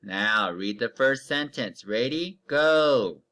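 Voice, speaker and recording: A man teaching young children to read in a recorded online lesson, stretching out each word slowly and giving patient step-by-step cues. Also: medium pitch, lively intonation, pushed and bright. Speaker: elementary reading teacher.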